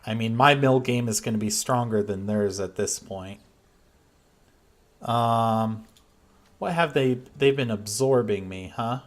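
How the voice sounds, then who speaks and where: A man of middle pitch commentates his own card game at an unhurried pace. He mutters through his plays and turns loud and exasperated when a move goes wrong. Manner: reactive, swings between muttering and frustrated outbursts. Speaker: gameplay commentator. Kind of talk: thinking aloud over a card game.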